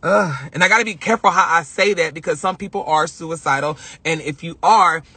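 A woman's voice: low voice, a little fast, sharp tone, slightly rough, no room sound. A young woman hosting a live stream, telling a personal story in an emotional, rambling way and often repeating herself. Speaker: livestream host.

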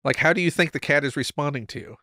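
A man guesting on a podcast, trading wry, quick quips in casual chat. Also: a little high, bright, forceful tone, no room sound, clean studio sound. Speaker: guest commentator.

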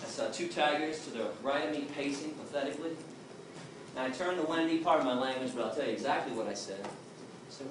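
A man giving a forceful, emphatic answer to an audience question as an activist lecturer, voicing quotes with a lot of emphasis. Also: medium pitch, fast talker. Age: 20s. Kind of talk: impassioned Q&A answer. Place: large lecture hall. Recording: very echoey hall from far off, noisy.

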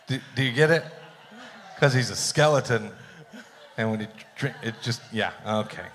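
A man's voice: medium pitch, unhurried, long pauses, a bit bright, slight background noise. A man hosting a live joke contest on stage, telling jokes and chuckling at his own punchlines. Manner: chuckling, playful storyteller. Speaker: event host running a joke contest. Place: theater stage, live event. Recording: long theater hall reverb.

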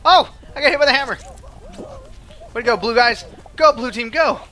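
A man giving excited, animated commentary over his own gameplay, yelping and laughing at his mishaps. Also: very high-pitched, a little fast. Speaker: gaming video host.

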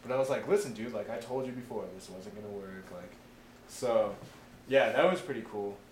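A man's voice: on the low side, a little fast. A young man, a veteran, casually telling war stories, swearing often and acting out what people said. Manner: profane, animated, acts out quotes. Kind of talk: casual oral history storytelling. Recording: echoey room with faint noise.

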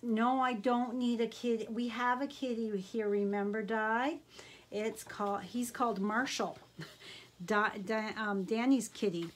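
A woman's voice: a little high, steady tone, a little slow. A middle-aged woman craft vlogger chatting casually while unboxing supplies, gushing and easily delighted.

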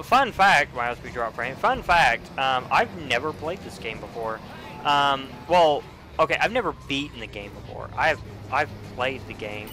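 A young man giving casual let's play commentary, with frequent profane, excitable outbursts. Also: mid-range voice. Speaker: gamer.

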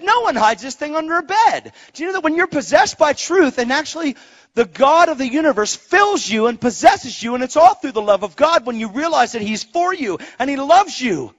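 A male preacher with a high, lively voice delivers an excitable sermon from a stage. He swings between hushed asides and loud bursts. The sound is dull and lo-fi.

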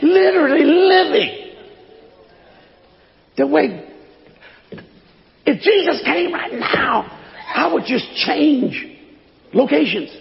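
An older man preaching a sermon, swinging between shouts and low folksy asides, with a gravelly voice. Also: sing-song, slow, long pauses, big-room sound, lo-fi sound.

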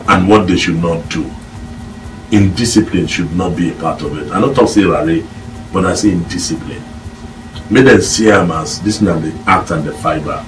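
Deep-voiced Nigerian Pidgin pundit. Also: male voice. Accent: Nigerian Pidgin English. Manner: emphatic, lecturing. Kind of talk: studio discussion. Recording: distant mic with faint room noise.

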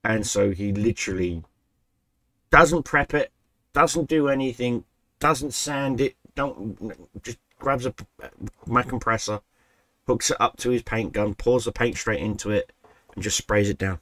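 A man's voice: mid-range voice, measured pace, a bit bright. A man hosting his own channel, telling a long story in casual, profane speech, often correcting himself, into a desk microphone. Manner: profane, rambling, self-correcting. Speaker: gaming channel host. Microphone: desk microphone he keeps bumping.

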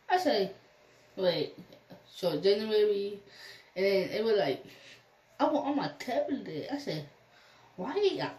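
A woman's voice: mid-range voice, mellow, far from the mic. A young woman recounts a story for her vlog, her voice rising and falling a lot as she plays out each quoted call. She sits some way from the camera mic, and the room echoes around her. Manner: rambling retelling, acting out quoted phone calls. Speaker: vlogger.

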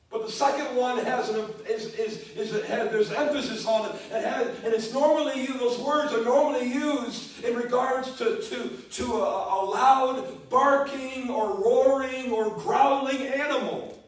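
With an extremely high voice, a man delivers an unhurried sermon with few pauses, hammering home key words through emphatic repetition. He's a pastor in a church sanctuary, captured on a distant mic amid heavy echo.

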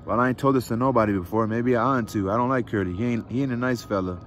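A man voicing a lonely, restless young ranch wife in a read-aloud book, talking quickly and pleadingly. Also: mid-range voice, slight background noise, natural voice. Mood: confiding.

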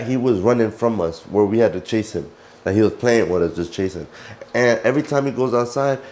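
A man's voice: mid-range voice, dark tone. Chatty man vlogging at home. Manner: loose and chatty, stumbles and repeats words; gives the dog firm repeated commands. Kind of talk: casual home vlog. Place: at home, indoors.

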